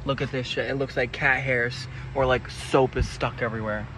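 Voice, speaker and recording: A man sitting in a car sounds incredulous and swears, his mid-range voice slightly bright, fairly even in intonation, and at normal speed, with a little background noise.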